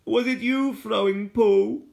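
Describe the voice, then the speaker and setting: A man voicing a frightened, gentle young girl with a soft manner who pleads timidly in a storybook read-aloud. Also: sits high, fairly even intonation, takes it slowly, creaky, pitched above the performer's own voice, full character voice.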